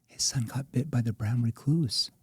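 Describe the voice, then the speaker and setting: A man, a sales trainer as guest, explaining sales techniques in an animated, demonstrative way, acting out different tones of voice. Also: mid-range voice, moderate pace, background noise. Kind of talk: animated instructional chat.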